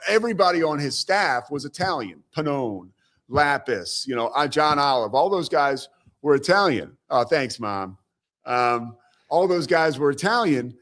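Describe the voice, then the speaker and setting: This man hosts a live sports talk show and tells stories with real animation, his voice swinging widely as he acts out the people he quotes. He sits a little high in pitch for a man. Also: big pitch swings, normal speed, a bit bright. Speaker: show host. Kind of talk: casual sports radio chat.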